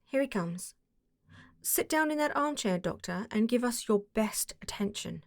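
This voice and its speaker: A woman reading the part of a self-assured male detective, brisk and dry. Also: fairly high pitch, animated, no echo. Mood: brisk, amused.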